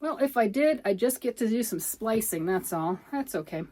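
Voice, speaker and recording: A woman's voice: fairly high pitch, expressive, moderate pace, darkish tone. A middle-aged woman rambles cheerfully through a knitting vlog, thinking aloud as she works. She sounds a little out of breath, and her talk wanders from point to point. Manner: chatty, rambling, self-talk while working. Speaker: knitting vlogger. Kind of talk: casual chat.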